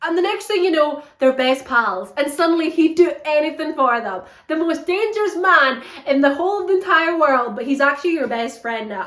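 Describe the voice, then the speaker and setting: Animated woman reviewing books. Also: sits high, normal speed. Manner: animated, blunt and sarcastic. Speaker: book reviewer. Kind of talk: casual book review. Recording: roomy echo.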